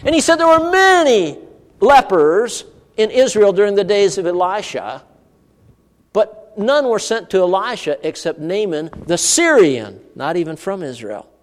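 A male pastor preaches with a lively, swooping delivery, pitched high for a man. He keeps putting rhetorical questions to the congregation. The long reverb of a large hall trails behind each phrase. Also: unhurried. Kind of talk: sermon.

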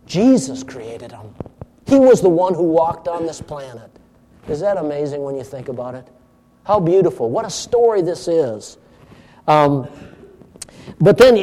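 Man preaching, high voice, emphatic and animated, long reverb from a church hall. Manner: animated, emphatic, swings from loud to hushed. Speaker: pastor. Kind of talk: sermon.

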